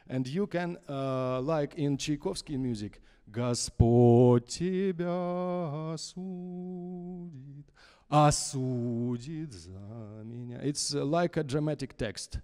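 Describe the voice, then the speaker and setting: A man who is a conductor, with a Russian accent and Russian as his first language, coaching an opera singer in a masterclass in halting English full of fillers. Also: mid-range voice, a little mellow. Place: small concert hall. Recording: reverberant concert hall.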